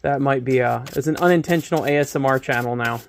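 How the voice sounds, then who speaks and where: A man's voice: medium pitch, quick pace, vocal fry. A man hosting a laid-back painting tutorial, chatting and joking about himself as he thinks aloud close to the camera microphone. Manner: chatty, self-mocking, thinks aloud while working. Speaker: hobby painting channel host. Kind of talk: relaxed painting tutorial talk. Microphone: camera microphone close to his face.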